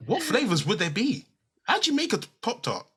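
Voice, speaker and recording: A man's voice: very high-pitched, huge pitch swings, normal speed, fairly bright tone, breathy edge, faint music behind. A man hosting a casual chat, reading out fan questions and teasing his guest with frequent laughter. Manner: playful, laughs often, teasing.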